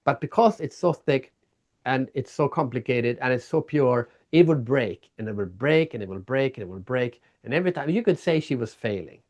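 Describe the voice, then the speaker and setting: A man guest in a casual interview, telling stories in an animated way and acting out people's reactions. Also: medium pitch, moderate pace. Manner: animated storyteller, acts out reactions. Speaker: guest, keynote speaker and author.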